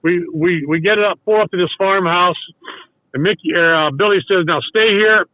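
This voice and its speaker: Older man, high voice, tinny line. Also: normal speed, no room sound. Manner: rambling anecdotes full of restarts and acted-out quotes. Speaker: guest, former baseball coach. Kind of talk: casual storytelling. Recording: dry, tinny phone-like sound.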